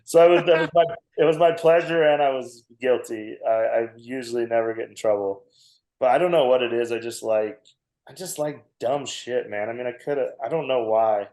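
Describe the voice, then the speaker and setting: A man's voice: medium pitch, moderate pace, mellow. A man in his forties, a comedian guest, telling a long, self-mocking story on a podcast and laughing often. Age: 40s. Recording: roomy echo.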